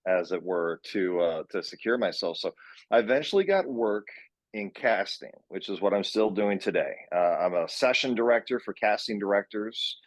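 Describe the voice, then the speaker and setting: A man's voice: lowish voice, animated, moderate pace, no echo. A man in his forties from Minnesota, a guest telling rambling stories about his acting and casting work in casual chat. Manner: rambling anecdotal storytelling. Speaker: guest, actor and session director.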